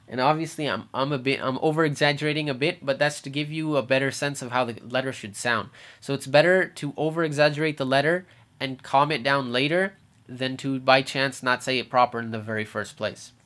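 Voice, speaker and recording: A man's voice: mid-range voice, fairly bright tone. A man giving a casual pronunciation lesson, patiently explaining and demonstrating sounds in an exaggerated way. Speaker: teacher.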